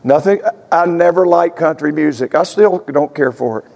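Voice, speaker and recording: A pastor from Tennessee, preaching a sermon in a church sanctuary. He mixes folksy asides with fervent, shouted prayer. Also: on the high side, moderate pace, gravelly. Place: church sanctuary with stage lights. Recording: long reverb of a large sanctuary.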